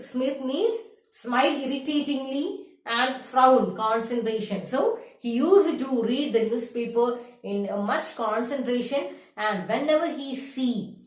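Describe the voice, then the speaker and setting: A young woman with an Indian English accent teaches a literature lesson, reading a passage and then explaining it plainly, word by word. Her voice sits a little high, and it echoes in a bare room. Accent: Indian English, from Kerala. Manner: reads lines aloud, then paraphrases and defines words. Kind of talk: explaining a literature text to a class.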